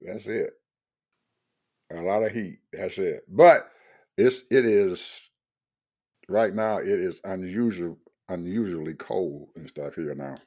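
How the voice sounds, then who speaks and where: Deep-voiced man chatting casually. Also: slow, long pauses. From Georgia, USA. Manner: relaxed, chuckles often, repeats himself. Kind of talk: casual chat.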